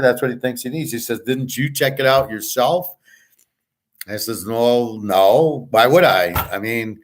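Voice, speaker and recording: A man's voice: medium pitch, fairly bright tone. A middle-aged man telling a long work story in a blunt, rambling way that repeats itself. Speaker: podcast host. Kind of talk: casual storytelling monologue.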